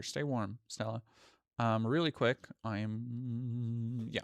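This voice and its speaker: This man speaks slowly in a steady, medium-pitched voice, recorded cleanly in a studio with no echo. Chatting with his live-stream viewers, he rambles, interrupts himself, and drops the occasional swear word.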